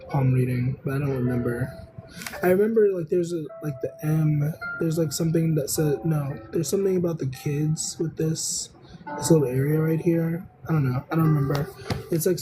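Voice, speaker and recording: A tarot reader chats loosely on a relaxed live stream, unhurried and meandering, often saying "um" and "I don't know." His or her mid-range voice comes through a rough recording.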